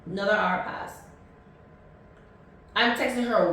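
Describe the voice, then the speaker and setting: A woman's voice: mid-range voice, normal speed, very echoey, recorded from a distance. Woman in her thirties telling a story. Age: 30s. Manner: animated, acts out the dialogue in her story. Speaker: podcast host. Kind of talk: casual storytelling.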